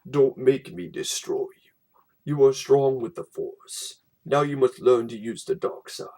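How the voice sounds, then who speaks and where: A man voicing a menacing dark lord villain, reading lines aloud from a storybook in a deep, slow, dramatic voice. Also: close to an everyday voice, low-quality recording.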